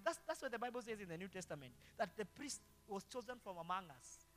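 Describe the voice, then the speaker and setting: High-pitched preacher, echoing hall. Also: male voice, sing-song, quick pace, a bit bright. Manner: preaching with rhetorical call-and-response questions. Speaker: pastor. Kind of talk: sermon. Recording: long hall reverb with faint guitar.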